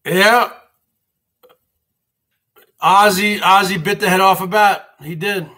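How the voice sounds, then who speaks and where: A man rambles through a livestream monologue in a high, bright, slightly tense voice. He takes his time and drags out his phrases. He keeps repeating himself and turning to his viewers as folks. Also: fairly even intonation, slow pace. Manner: ranting, repetitive, keeps addressing viewers as folks. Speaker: livestream host.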